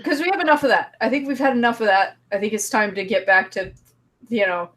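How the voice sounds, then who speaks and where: A woman's voice: fairly high pitch, fast. A woman co-hosting a podcast, chatting casually and emphatically about a horror movie. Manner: animated, emphatic, laughs easily. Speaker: podcast co-host.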